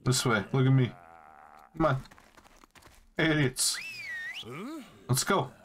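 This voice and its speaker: A man's voice: medium pitch, slow, slight background noise. Laid-back swearing streamer guy. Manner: laid-back, swears a lot, talks to viewers. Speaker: game streamer. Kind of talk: casual live-stream chat while playing.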